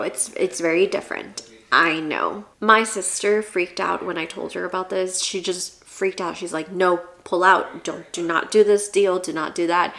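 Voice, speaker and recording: A woman's voice: medium pitch, a bit bright. A young woman talking to the camera in a casual home-buying vlog, earnest and rambling, at times tearful. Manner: earnest, rambling, restarts often. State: tearful, emotional. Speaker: vlogger.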